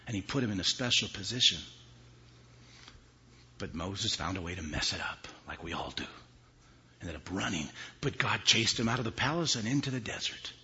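A man preaching a sermon, swinging from hushed whispers to loud, high emphasis. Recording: dull lo-fi recording with faint ambience.

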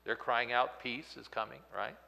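A man preaching a sermon, swinging from loud outbursts to hushed, near-whispered lines. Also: mid-range voice, fairly even intonation, moderate pace, vocal fry, long reverb tail. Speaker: pastor.

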